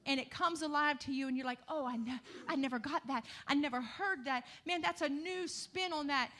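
High, bright-voiced woman preaching. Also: brisk. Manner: rising to shouted emphasis, calls of hallelujah; conversational asides to the congregation. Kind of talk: sermon.

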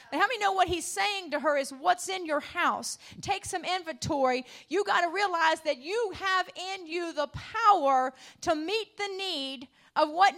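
A woman preaching a sermon from the United States, calling out to the congregation and building to loud, emphatic passion. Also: very high voice.

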